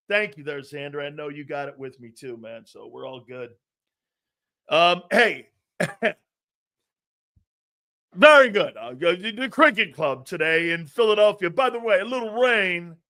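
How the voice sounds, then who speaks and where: A middle-aged man from Connecticut hosting a live sports talk show. He jokes loudly, laughs often and reacts to viewer chat with lots of fillers. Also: high-pitched. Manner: excitable and jokey, loud outbursts, frequent laughs and fillers.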